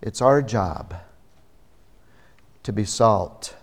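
A pastor preaching a sermon, a man who speaks slowly and deliberately, pausing for emphasis. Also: lowish voice, animated, husky.

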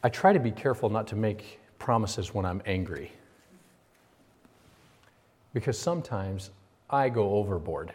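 A man's voice: on the low side, normal speed. Emphatic preaching pastor, man. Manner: emphatic, swinging from raised intensity to quiet confiding. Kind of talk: sermon.

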